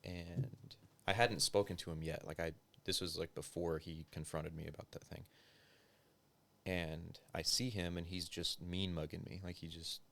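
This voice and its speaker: A man's voice: deep voice, level tone, normal speed, creaky, fairly bright tone. A man, a former police officer, telling his story as an interview guest in loose, casual talk full of filler words and swearing. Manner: loose and profane, heavy use of filler words.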